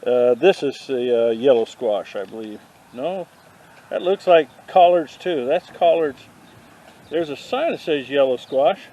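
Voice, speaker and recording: A man vlogging a walk through an outdoor garden, dropping deadpan puns as he goes. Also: mid-range voice, measured pace, poor audio. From not from the South. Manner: deadpan punning asides. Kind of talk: joking walk-through commentary. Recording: faint outdoor noise.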